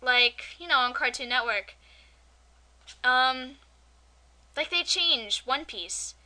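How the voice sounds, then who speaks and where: A young woman co-hosting an amateur podcast, chatting casually and ranting with animated energy. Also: high voice. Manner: chatty, animated, quick to rant. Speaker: podcast co-host.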